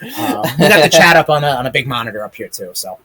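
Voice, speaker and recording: A podcast host runs a live-streamed wrestling chat from a streaming room with a big chat monitor, rambling with lots of ums and casual swearing. His medium-pitched voice swings hugely in pitch and moves fast, with crowd noise in the background.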